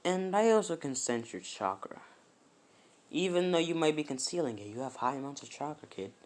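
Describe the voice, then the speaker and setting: A man voicing a gruff, proud giant boss toad, in a casual, barely changed storytelling voice. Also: on the high side, lively intonation, normal speed, natural voice.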